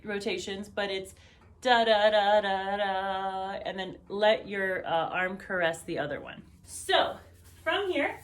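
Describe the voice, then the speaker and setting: A woman teaching a belly dance routine, counting beats aloud and humming the rhythms with syllables. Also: medium pitch. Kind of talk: dance tutorial instruction. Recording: echoey room, voice picked up from a distance.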